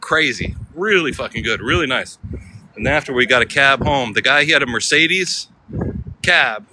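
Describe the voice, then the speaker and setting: A man's voice: mid-range voice, expressive, moderate pace. An American man in a casual, rambling travel vlog, chatting as he walks outdoors and laughing often. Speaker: travel vlogger. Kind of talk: casual walking vlog chat. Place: outdoors on a city street. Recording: city street noise with traffic.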